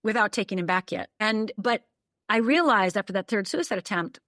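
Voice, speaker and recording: A woman's voice: medium pitch, lively intonation, fairly quick, a bit bright, no room sound, clean studio sound. An older woman from the northern United States telling a personal story as a podcast guest, vivid, detailed and emphatic. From Upper Michigan, USA.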